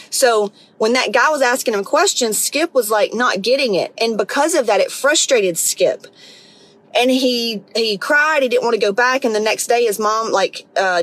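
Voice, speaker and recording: A woman's voice: on the high side, fairly bright tone, no room sound, rough recording. A middle-aged woman, hosting a podcast and telling a story in a blunt, profane, casual way. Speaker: podcast host. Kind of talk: casual monologue.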